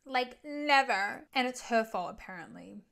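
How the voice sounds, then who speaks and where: A woman's voice: a little high, measured pace, creaky. A young woman chatting through a gossipy, chaotic movie recap as a vlogger. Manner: chaotic, gossipy, animated retelling with quoted asides.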